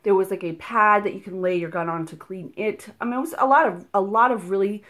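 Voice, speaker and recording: A woman's voice: mid-range voice, a little fast, a bit bright. A young woman hosting a casual unboxing video, talking in a chatty, rambling way with lots of fillers. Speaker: unboxing vlogger.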